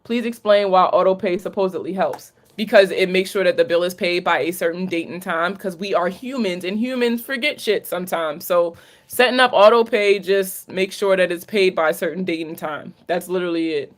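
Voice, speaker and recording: A woman's voice: fairly low pitch, fairly quick. Profane, candid woman with a Maryland accent. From Maryland, USA. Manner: candid and profane, chatty slang. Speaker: credit coach hosting a live Q&A. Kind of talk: casual livestream Q&A.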